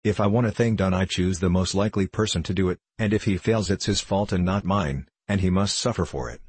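A man's voice: low-pitched, fairly quick, darkish tone, husky, dry recording. A man voicing a haughty, cold young school prefect who speaks sternly. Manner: supercilious, stern.

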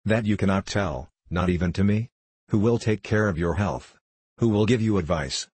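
A man's voice: lowish voice, moderate pace, darkish tone, slightly rough, no room sound. A man reading the part of a prying, scolding female housekeeper, nagging and insistent.

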